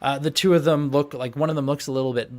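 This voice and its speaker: A man's voice: on the high side, fairly even intonation, fast. A young man narrating as game master on a voice call, rambling with many fillers and restarts.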